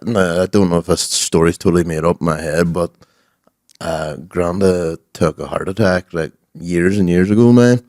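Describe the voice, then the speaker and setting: Young irish co-host, low voice, easygoing banter, dry close recording. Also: male voice, normal speed, darkish tone, no room sound. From Ireland. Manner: laid-back banter, calls his co-host lad. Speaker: podcast co-host. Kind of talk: casual chat.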